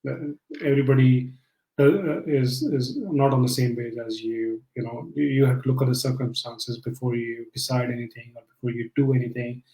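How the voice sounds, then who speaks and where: A man's voice: mid-range voice, fairly even intonation, normal speed, mellow, echoey room, poor audio. A man being interviewed by his wife on a live stream, joking at first and then speaking earnestly, with many fillers. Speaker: guest, the host's husband. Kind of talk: casual live-stream chat.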